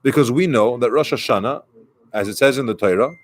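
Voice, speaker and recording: A man's voice: mid-range voice, brisk. A man who is a rabbi, giving a conversational sermon and retelling a story with quoted dialogue.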